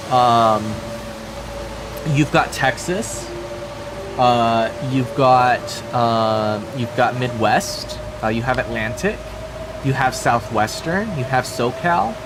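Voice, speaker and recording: An American man giving casual livestream gameplay commentary, chatty and swearing, talking back to his chat. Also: mid-range voice. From United States. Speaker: streamer playing a survival game. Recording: steady background noise.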